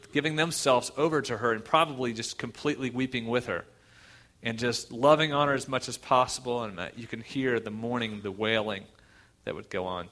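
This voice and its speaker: A middle-aged male pastor preaching, his bright, forceful voice shifting between hushed storytelling and emphatic rhetorical questions. He retells scripture with plenty of feeling. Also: medium pitch. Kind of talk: sermon.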